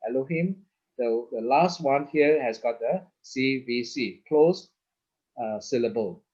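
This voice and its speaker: The dull audio carries a medium-pitched, darkish, husky male voice belonging to a Hebrew teacher giving an online lesson with slides. He explains things patiently, repeats words, and tacks on "okay?" after almost every phrase.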